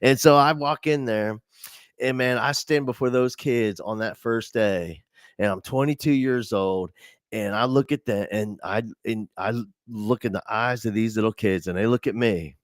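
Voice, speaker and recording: A man giving a storytelling keynote to teachers, animated and self-mocking, laughing often and jumping high in pitch when he quotes people. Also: normal speed, no room sound, clean studio sound. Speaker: conference speaker for teachers. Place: online conference session.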